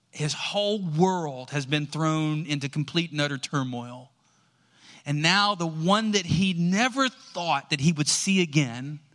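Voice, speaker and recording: A man preaching a sermon, telling a Bible story with lively, acted-out dialogue. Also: on the high side. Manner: animated storytelling, acts out quoted lines. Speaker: pastor.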